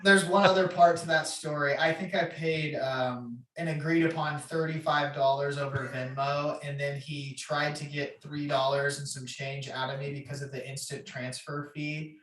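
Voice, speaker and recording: A young man co-hosting a comedy podcast, telling stories casually and trailing off quietly. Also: a little high, flat delivery, moderate pace, hardly any pauses, far from the mic. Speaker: podcast co-host. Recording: roomy, away from mic.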